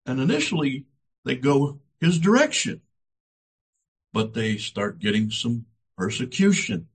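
Husky, slow, dramatic male preacher. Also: medium pitch, very animated. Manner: dramatic, emphatic, repetitive phrasing. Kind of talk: sermon.

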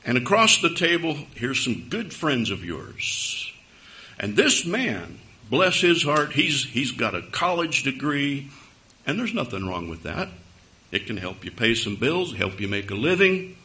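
A man's voice: mid-range voice, huge pitch swings, measured pace, pushed and bright. A man preaching a sermon to a live congregation, telling a story in a conversational way with wry humor. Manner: speaks straight to a live congregation.

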